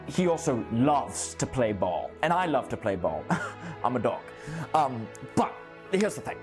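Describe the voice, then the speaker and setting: An actor in a comedy sketch playing a grown man convinced he is a dog, talking earnestly and deadpan in a put-on dog accent. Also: mid-range voice.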